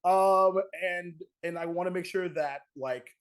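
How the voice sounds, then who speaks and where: A man's voice: high voice, measured pace. A man moderating a casual panel discussion, talking animatedly with lots of fillers and restarts.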